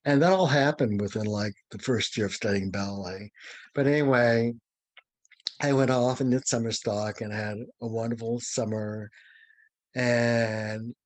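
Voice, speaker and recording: An older man from St. Louis, a dancer being interviewed, telling a story with lively, acted-out quotes and chuckles. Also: mid-range voice, unhurried, dry recording. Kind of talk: anecdotal storytelling.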